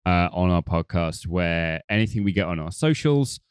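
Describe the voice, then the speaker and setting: A man's voice: low voice, animated, normal speed, clear, resonant tone, no echo, clean studio sound. A man co-hosting a film podcast, chatting casually and joking, with rambling restarts. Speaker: podcast co-host. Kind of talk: casual chat.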